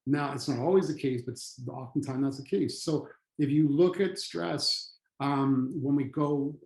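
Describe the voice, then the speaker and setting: A mid-pitched man with a Canadian accent teaches a training session in a loose, conversational way, with plenty of restarts. He jumps up in pitch whenever he acts out what people say. The room around him rings with echo. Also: unhurried, a little mellow. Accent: Canadian English. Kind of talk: online training lecture.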